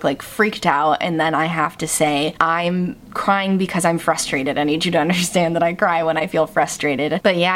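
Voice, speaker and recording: A young woman talks through a solo podcast episode in a candid, reflective way. She has a fairly low voice that jumps up in pitch when she gets animated, and she leans on casual fillers. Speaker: podcast host.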